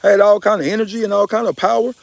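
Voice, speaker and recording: A man's voice: sits high, steady tone, fast talker, gravelly, dry recording. A man giving an impassioned spiritual talk, emphatic and preachy, with casual slang and swearing, often calling his listeners y'all. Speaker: spiritual speaker.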